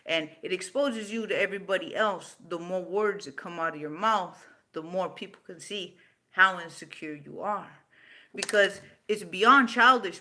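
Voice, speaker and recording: A woman's voice: lowish voice, bright, forceful tone. A woman in her fifties hosting a livestream, talking bluntly, swearing freely and answering viewer comments. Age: 50s. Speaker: livestream host. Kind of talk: unscripted livestream talk.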